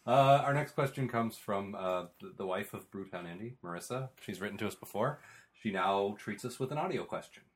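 Low-voiced man hosting a podcast. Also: expressive, brisk, slightly rough. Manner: rambling, stumbling over words. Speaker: podcast host. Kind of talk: casual chat, reading listener mail.

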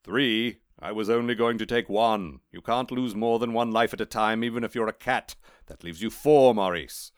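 A man's voice: on the low side, no room sound, lightly acted. Death, a man voicing a solemn skeletal reaper. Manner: measured, solemn, dry.

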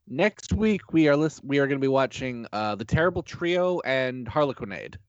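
A man's voice: medium pitch, expressive, moderate pace, smooth, no echo. A man co-hosting a podcast in casual chat, easygoing and agreeable. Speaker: podcast co-host. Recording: slightly dull, dry sound.

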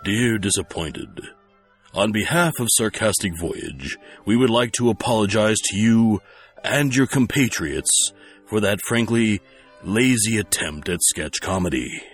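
Low-voiced man, dry mock-formal host. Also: lively intonation, measured pace, breathy edge, faint music behind. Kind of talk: scripted comedy narration.

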